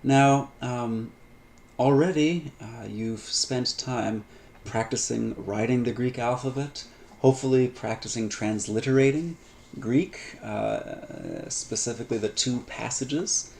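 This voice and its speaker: A man lecturing on Greek grammar in a relaxed, unscripted way, with many fillers, restarts and light asides. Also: mid-range voice, slow, gravelly, a little hiss or hum. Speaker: Greek instructor. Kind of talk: recorded lecture.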